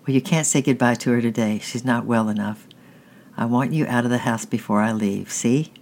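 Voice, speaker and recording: A worn-out storybook father, short and clipped with his son, pressed for time and holding his temper only just, as the narrator puts him on. His words come in quick, blunt bursts. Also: medium pitch, fairly even intonation, a little mellow, a little hiss or hum, close to an everyday voice. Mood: impatient, stern. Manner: brusque and clipped. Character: harried father, stern and impatient.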